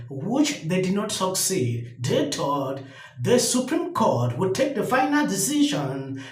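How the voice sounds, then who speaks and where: A host giving political commentary over news clips in a measured way. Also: mid-range voice, reverberant.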